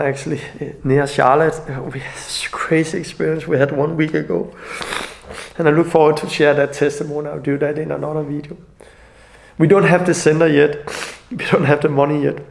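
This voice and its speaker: Gravelly, tearful man, earnest and halting. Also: a little high, darkish tone. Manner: earnest, halting, non-native phrasing. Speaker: evangelist. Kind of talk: emotional personal video message.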